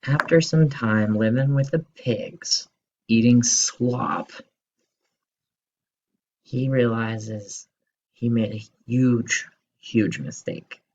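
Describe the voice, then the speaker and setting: A male teacher telling a story to children in an expressive, slow storytelling manner. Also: mid-range voice, muffled recording.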